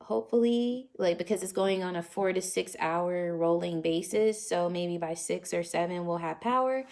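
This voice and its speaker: A woman's voice: on the low side, normal speed, darkish tone. A young woman from North Carolina, chatting casually on a phone livestream at home and laughing often. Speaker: vlogger answering live comments. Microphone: phone front camera.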